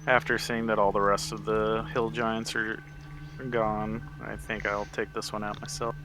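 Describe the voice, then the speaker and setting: A man playing a tabletop game, calm and matter-of-fact as he declares his actions. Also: on the low side, a little slow, noisy background. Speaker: player.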